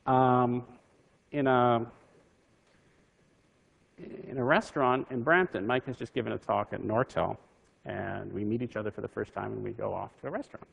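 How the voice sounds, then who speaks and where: Male physicist, gravelly middle voice, dry conversational storyteller. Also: mid-range voice, steady tone, moderate pace, long pauses, phone-quality sound. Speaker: physicist telling his career story. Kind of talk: anecdotal talk to an audience.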